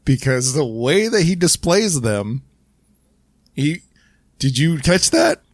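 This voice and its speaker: A man hosting a podcast in casual chat, retelling film scenes in a rambling, profane, animated way. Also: fairly high pitch, takes it slowly, dry recording, studio quality. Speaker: podcast host.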